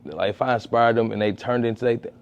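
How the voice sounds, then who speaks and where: Speaking fast, this man, a comedian and street-interview content creator, chats loosely in a podcast interview, animatedly recounting stories, doing quotes in a high voice, and restarting frequently. The audio, from a podcast studio mic, lacks high frequencies.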